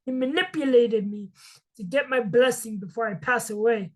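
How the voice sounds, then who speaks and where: A woman's voice: fairly high pitch, normal speed, lightly acted. A woman voicing an old, dying father who was tricked by his son, speaking solemnly and with dismay.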